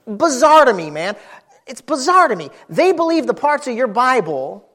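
A man preaching a sermon, telling a personal story in an animated, folksy, emphatic way. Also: extremely high pitch, normal speed.

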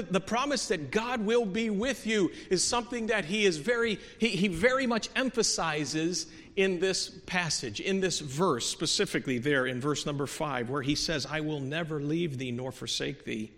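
Preacher guy, kinda high voice, earnest, goes soft then punchy, long echo from the hall. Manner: earnest, swings from soft to emphatic with many restarts. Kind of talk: sermon. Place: church sanctuary.

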